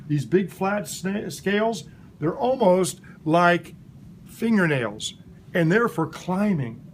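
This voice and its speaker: Male science teacher, a bit high-pitched, playful and animated with kids, faint classroom hum. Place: elementary school classroom.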